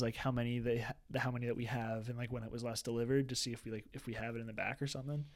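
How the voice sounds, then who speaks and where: A man's voice: mid-range voice, dry recording. Young male podcast co-host, casual, rambling storyteller, lots of filler words. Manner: rambling storyteller, many restarts and "like". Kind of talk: casual chat.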